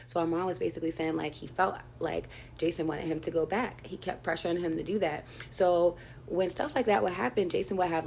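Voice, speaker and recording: A woman's voice: fairly low pitch, darkish tone, slight background noise. A woman hosting a commentary channel, recapping gossip in a chatty, sassy way full of fillers.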